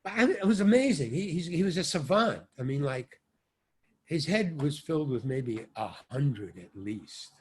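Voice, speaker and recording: An older man, an actor and stand-up comedian, telling rambling anecdotes as an interview guest, with sudden swings between loud and soft. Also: on the high side, lively intonation, moderate pace, slight background noise. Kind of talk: casual anecdotal storytelling.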